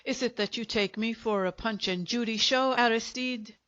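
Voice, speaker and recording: A woman voicing a bossy, ample wife of about thirty, sharp and scolding, on a dull lo-fi recording. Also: on the high side, normal speed, close to an everyday voice.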